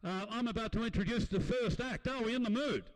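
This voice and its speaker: A man hosting a comedy night, warming up the crowd with jokes and introducing acts. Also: very high-pitched, a little fast, slight background noise, rough recording. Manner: jokey, upbeat crowd warm-up. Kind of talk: live comedy MC patter.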